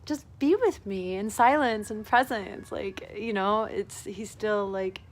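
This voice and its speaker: A woman's voice: medium pitch, measured pace. A woman vlogging in a casual, confessional monologue, rambling and effusive with lots of "like", often laughing as she talks. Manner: rambling and effusive, heavy use of "like"; laughs often while talking.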